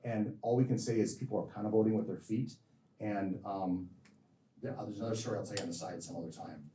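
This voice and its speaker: A physician answering audience questions after a lecture, talking in long, rambling stretches that stop, restart and repeat words. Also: male voice, lowish voice, fast talker, mellow. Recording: echoey hall from far off.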